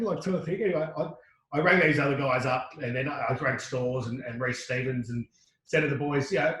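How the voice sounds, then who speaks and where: Fast-talking Australian man telling a story. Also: fairly high pitch, roomy sound, poor audio. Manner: animated anecdote teller, lots of restarts and quoted dialogue. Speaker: podcast guest. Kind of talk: casual storytelling.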